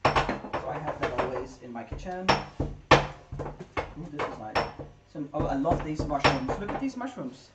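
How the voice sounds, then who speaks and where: A woman's voice: deep voice, animated, measured pace, long pauses, heavy background noise. A woman co-hosting a livestream, chatting casually and reading chat aloud while she cooks in a home kitchen. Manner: chatty, reads chat aloud, laughs easily. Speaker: livestream co-host. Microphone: distant room mic. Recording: echoey kitchen from far off, clattering pans.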